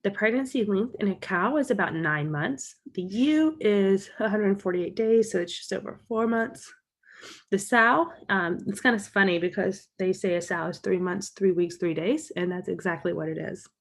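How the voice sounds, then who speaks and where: A woman's voice: medium pitch, moderate pace. A woman explaining a topic as a college lecturer in a recorded lecture, walking through slides and recapping key points.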